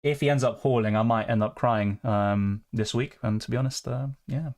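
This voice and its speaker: A young man chatting casually on a live stream, answering viewer questions in a relaxed, conversational way. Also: mid-range voice, normal speed. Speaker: fantasy football streamer.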